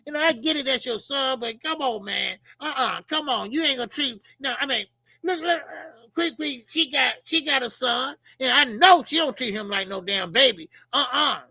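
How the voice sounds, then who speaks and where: Chicago-accented man, boxing channel host, high gravelly voice, profane animated banter, dry close sound. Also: moderate pace, dry recording. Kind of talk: casual commentary.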